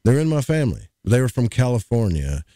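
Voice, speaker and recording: A man's voice: medium pitch, big pitch swings, brisk, warm tone, dry recording, clean studio sound. A man, co-hosting a podcast in casual, rambling chat with jokes. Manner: folksy, rambling, jokey. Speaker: podcast co-host.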